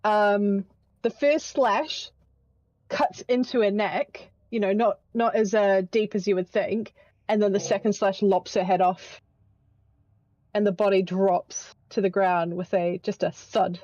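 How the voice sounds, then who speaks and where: A woman plays in an online tabletop game, her words tumbling out in eager restarts. Her voice is mellow and dark, recorded dry with a slightly dull, lo-fi tone. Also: medium pitch, steady tone, measured pace, no echo. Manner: eager, stumbling, laughs while describing. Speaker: player.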